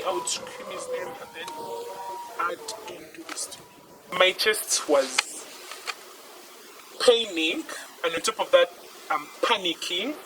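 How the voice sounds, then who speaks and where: Halting young woman, noisy recording. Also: fairly low pitch, expressive. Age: young adult. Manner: halting, repeats words, often sinks to a near whisper. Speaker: interviewee. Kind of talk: personal testimony. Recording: noisy background hiss.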